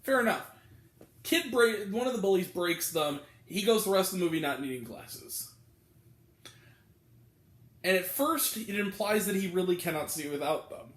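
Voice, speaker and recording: A man's voice: high voice, lively intonation, moderate pace, pauses often, fairly bright tone, reverberant. A man giving a casual, exasperated spoken film review, rambling with lots of fillers. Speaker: movie reviewer.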